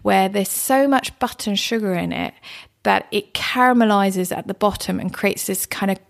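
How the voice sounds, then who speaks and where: A woman chatting as a guest in an interview, telling stories about food and places in a lively, conversational way. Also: mid-range voice, normal speed, vocal fry. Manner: chatty, warm storytelling with laughs. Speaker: guest, cook. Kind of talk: casual interview chat.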